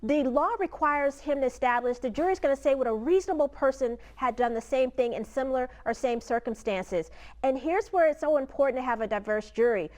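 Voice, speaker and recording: A woman's voice: sits high, fairly quick, a little mellow. A woman legal analyst giving direct, emphatic commentary on a trial for a news program.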